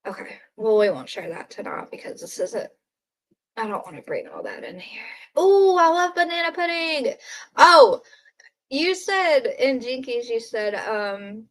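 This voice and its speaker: At home at night, a woman hosts a casual livestream, chatting and giggling with viewers and talking to her pet. Her voice is a little high and very animated, and she speaks a little slowly.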